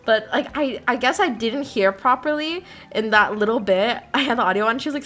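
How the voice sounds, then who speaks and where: A young woman streaming and chatting casually. Her voice sits high and swings widely in pitch. She rambles and breaks into giggles often. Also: very animated, moderate pace, a bit bright. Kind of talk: casual chat.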